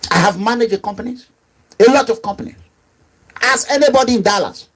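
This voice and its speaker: Speaking a little fast with a fairly bright tone, a middle-aged man with a Nigerian accent delivers a passionate monologue as an activist leader. He's emphatic and repetitive, shifting between low asides and raised outbursts.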